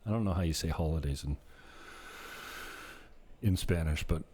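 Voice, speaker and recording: A man talks casually to his viewers in a deep voice. His tone is warm and dark, and his stories about his rental property ramble along with the odd chuckle. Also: normal speed. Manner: rambling, conversational, laughs while telling stories. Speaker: vlogger and property manager. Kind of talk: casual storytelling to camera.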